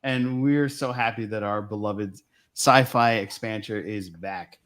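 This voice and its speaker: A man's voice: fairly low pitch, unhurried, fairly bright tone. Man hosting a casual fan chat.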